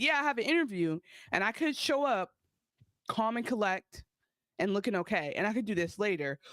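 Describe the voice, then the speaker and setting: A woman co-hosting a podcast, chatting casually and acting out quotes with lively, profane energy. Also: mid-range voice, no room sound. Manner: animated, profane, acts out quotes. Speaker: podcast co-host. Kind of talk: casual recap chat.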